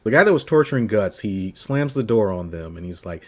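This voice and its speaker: A man with a fairly low voice cohosts a laid-back podcast. He tells the story with big energy, jumping into goofy voices for the characters and cursing and laughing as he goes. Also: fairly quick, a crowd in the background. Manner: animated storyteller, acts out quotes in funny voices, swears and laughs. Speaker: podcast co-host. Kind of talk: casual chat recapping an anime.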